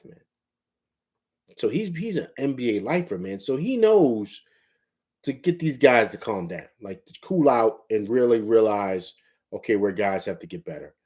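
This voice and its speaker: A man's voice: mid-range voice, darkish tone. A man from Harlem, New York, talking through a game on his live sports show in a mid-range voice. He hammers his points home by repeating them. At times he sounds like a coach barking instructions from the sideline. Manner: emphatic, repeats phrases, coaching tone. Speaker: sports talk show host. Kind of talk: casual live sports talk.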